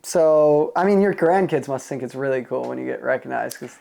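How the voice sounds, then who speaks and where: Gravelly podcast host. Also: medium pitch, a little fast, mellow. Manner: short prompts and affirmations. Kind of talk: casual interview chat.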